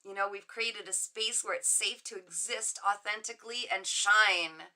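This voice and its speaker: Bright, chatty, effusive middle-aged woman. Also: mid-range voice, normal speed. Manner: effusive, gushing and warm toward viewers; chatty and rambling with frequent laughs. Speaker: livestream host and psychic reader. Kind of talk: casual livestream chat reading viewer comments. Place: home office.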